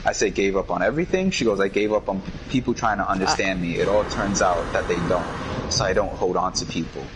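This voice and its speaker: A man with a lowish voice tells stories in a relaxed, slangy way. He walks through past conversations line by line in a loose chat. A faint hiss sits under his talk. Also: fast talker. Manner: laid-back and slangy, recounts conversations line by line. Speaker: podcast co-host. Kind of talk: casual chat, storytelling.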